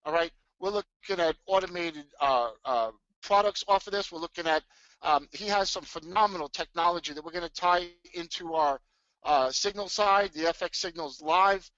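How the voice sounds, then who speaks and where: Excitable bright-voiced man on a dull webcam. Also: on the high side, normal speed, dry recording. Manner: excitable, hyped, many restarts. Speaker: trading webinar host. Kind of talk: live webinar talk. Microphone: webcam mic.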